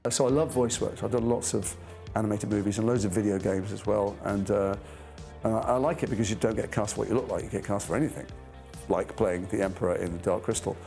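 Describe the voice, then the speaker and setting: Man, middle-aged, gravelly, lowish voice, reflective anecdotes, self-deprecating, faint music behind. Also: fairly even intonation, quick pace. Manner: thoughtful, trailing restarts, self-deprecating. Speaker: actor interviewed about his career.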